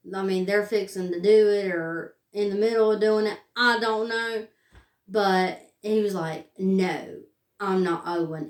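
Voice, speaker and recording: Slow, chatty woman in a roomy space. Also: medium pitch. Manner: chatty, filler-heavy retelling with many "like"s. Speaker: movie reviewer. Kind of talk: casual movie review. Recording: roomy sound, distant from the mic.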